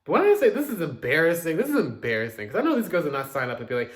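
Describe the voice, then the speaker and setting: A man casually reviewing new pop releases, chatty and dramatic, with quick asides and loud outbursts. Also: medium pitch, huge pitch swings. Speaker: music reviewer.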